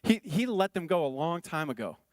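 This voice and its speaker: A man's voice: on the high side, very animated, a little fast, dry recording, clean studio sound. A male pastor preaching a sermon in an earnest, conversational way, often repeating phrases for emphasis.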